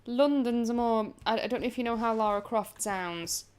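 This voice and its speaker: A woman from England with a northern English accent, chatting casually with viewers while playing a game, rambling and quick to laugh. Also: on the high side, a little mellow, smooth. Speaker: gaming streamer.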